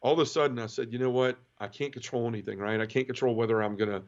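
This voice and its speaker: A man's voice: mid-range voice, fairly even intonation, quick pace, muffled recording. A man telling his own conversion story in an interview, earnest and vivid, often restarting and repeating words. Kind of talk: emotional personal storytelling.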